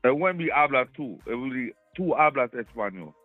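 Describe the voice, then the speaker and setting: A man's voice: medium pitch, expressive, fairly quick, no room sound, soft background music. A man calling into a show, explaining in a laid-back, slangy way with lots of fillers. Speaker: caller. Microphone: phone call. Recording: tinny phone line.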